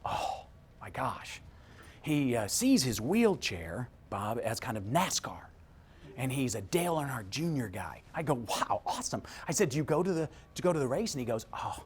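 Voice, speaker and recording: A middle-aged motivational speaker tells an energetic story, voicing each character and swinging between hushed tones and shouting. His voice is medium-pitched and his pace moderate, with slight background noise.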